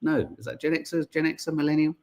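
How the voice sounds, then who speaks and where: A man's voice: on the high side, a little fast, a little mellow. A man in his forties co-hosting a casual podcast, rambling with wry asides and reading out listener messages. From England. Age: 40s. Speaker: podcast co-host. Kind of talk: casual chat.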